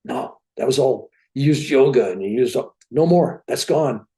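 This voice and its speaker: A man's voice: mid-range voice, moderate pace, warm tone. An older man telling a personal story as an interview guest, acting out the dialogue as he goes.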